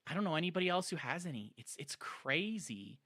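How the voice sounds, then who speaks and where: Bright-voiced man chatting on a stream. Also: on the high side, sing-song, a little fast. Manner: rambling, filler-heavy, enthusiastic. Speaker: streamer showing his plant collection. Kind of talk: casual live-stream chat.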